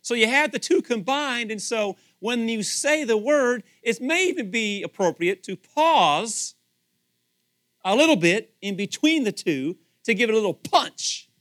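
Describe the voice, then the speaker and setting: Middle-aged male pastor, high voice, lively sermon delivery, rhetorical questions. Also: unhurried. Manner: animated, rhetorical questions, acts out quoted voices.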